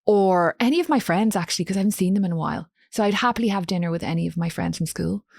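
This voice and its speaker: A woman's voice: on the low side, very fast, gravelly, darkish tone, no echo, studio quality. An Irish woman guest on a podcast, telling stories in a chatty way and laughing often. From Ireland. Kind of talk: casual chat.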